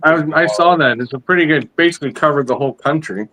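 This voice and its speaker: A man's voice: a little high, fast, sharp tone, low-quality recording. A man hosting a casual live chat, rambling and repeating himself as he talks shop. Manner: rambling with many repeats and restarts. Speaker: host.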